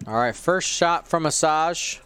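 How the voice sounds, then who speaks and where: A man's voice: fairly high pitch, a little slow, fairly bright tone, clean tone. A man giving play-by-play commentary on a tabletop miniatures game, calling shots and explaining the rules with a wry aside now and then.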